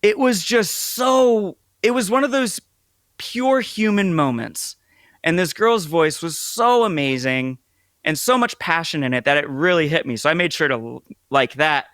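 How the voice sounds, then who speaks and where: In a dry, studio-quality recording, a podcast co-host in his thirties chats casually, his voice a little high and his pace unhurried. He tells stories in a relaxed way, leaning heavily on "like" as filler.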